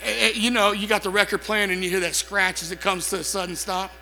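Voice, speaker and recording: A man with a strikingly high, very bright and piercing voice preaches through a story, animated and theatrical, bursting into shouts. His voice rings out in a long-reverb hall with faint music behind. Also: fast, creaky. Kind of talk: storytelling sermon.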